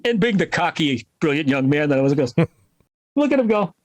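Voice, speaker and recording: Laughing, lively American man telling a story. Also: on the high side, moderate pace, dry recording. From Connecticut, USA. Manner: animated storyteller, laughs often, acts out voices. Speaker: guest musician. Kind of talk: casual storytelling interview.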